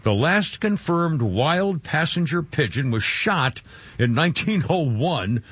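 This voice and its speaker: A man hosting talk radio, rambling and halting, with lots of fillers and restarts. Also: mid-range voice, a bit bright, breathy edge. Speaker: radio show host. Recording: dull lo-fi radio sound.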